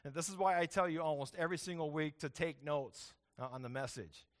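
A man's voice: a little high, a little fast. A man preaching a sermon as the pastor, talking in a conversational way and often checking in with "right?".

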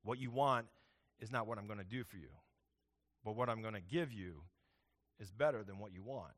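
A man preaching voices God as a calm, solemn male deity, speaking low, slow and firm. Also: dry recording.

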